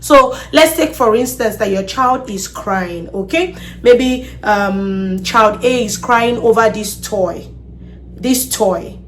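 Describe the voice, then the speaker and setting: Woman, slightly high voice, parenting advice host, earnest, repeats words, checks in with listeners. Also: slow, a bit bright. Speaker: podcast host.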